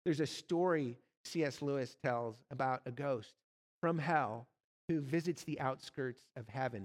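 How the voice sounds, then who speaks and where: A man preaching a sermon, telling stories and speaking directly to the congregation. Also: medium pitch. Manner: storytelling, direct address to the congregation. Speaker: pastor.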